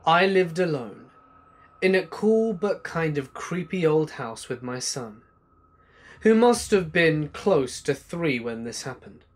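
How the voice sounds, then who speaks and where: Slow, hushed male horror narrator. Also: expressive. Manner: slow, hushed storytelling that drops low at the ends of lines.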